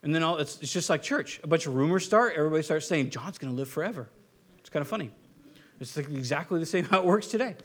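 Guy preaching a laid-back sermon, high voice that jumps all over, jokey and animated. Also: quick pace. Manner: animated, casual and joking, with frequent restarts. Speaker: pastor. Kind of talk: conversational Bible teaching sermon.

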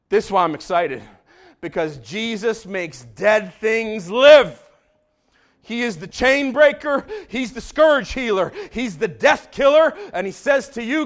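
Male pastor, high animated voice, preaching in church, hushed then shouting. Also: unhurried. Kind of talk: sermon. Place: church sanctuary.

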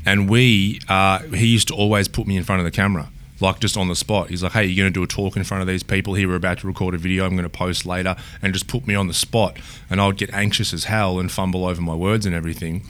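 Very low, deep-voiced Australian man co-hosting a podcast. He chats casually, yet every word comes out clear and well-pronounced. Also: fairly even intonation, fast talker, few pauses, fairly bright tone. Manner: clear, well-spoken delivery. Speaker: podcast co-host. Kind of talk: casual chat.

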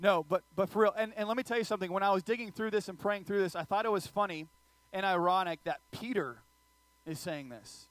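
High-voiced joking male preacher, dry sound. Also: fairly quick, dry recording. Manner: animated, joking, audience asides. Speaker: pastor. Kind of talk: sermon with humorous storytelling.

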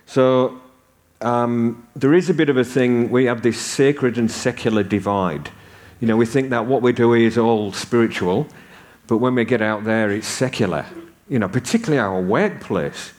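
Preaching at an ordinary pace, this sixty-something northern English man has a medium-pitched voice with a darkish tone. He weaves humor into his sermon through relaxed, conversational storytelling.

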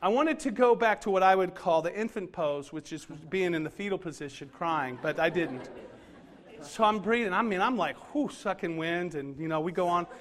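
A man's voice: sits high, animated, normal speed, a bit bright. A middle-aged man preaching, telling a self-deprecating story in a casual, conversational way with lots of fillers. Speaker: pastor. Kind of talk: humorous sermon story.

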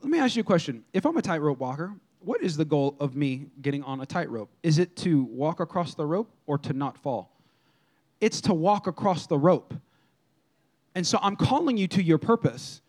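A man preaching a sermon as pastor, in a lively, conversational style that acts out quotes from people. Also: fairly high pitch, moderate pace.

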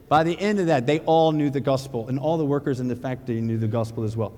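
Passionate preacher with a gravelly edge. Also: male voice, fairly high pitch, normal speed, in a large hall. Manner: passionate, rhetorical questions, builds to near-shouting. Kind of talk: sermon.

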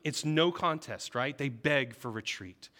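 A man preaching a sermon, telling the story vividly and often checking in with the listeners with a quick "right?". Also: medium pitch, sharp tone.

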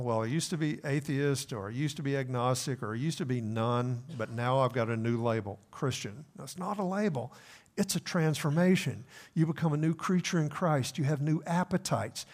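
A male pastor preaching an earnest sermon, slowing for emphasis and sometimes repeating words as he goes. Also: on the high side, darkish tone.

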